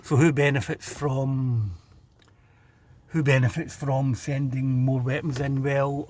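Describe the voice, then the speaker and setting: Speaking at medium pitch with a slightly mellow voice, a man from Glasgow vlogs outdoors beside a city road. He rants casually and sardonically to camera about the street he's filming, with slight background noise.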